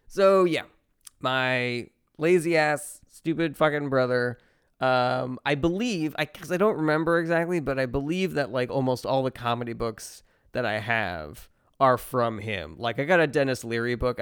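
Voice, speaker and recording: A man's voice: medium pitch, smooth. A man who is a stand-up comedian hosting a podcast, rambling through a profane, self-mocking casual monologue.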